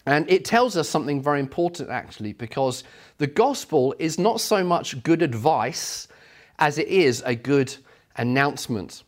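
Casting: middle-aged male preacher, slightly higher voice, animated storyteller. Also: normal speed. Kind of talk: sermon.

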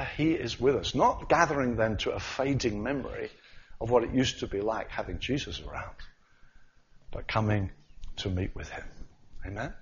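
A man preaching a sermon, swinging from loud cries to quiet asides. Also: mid-range voice. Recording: slightly dull sound.

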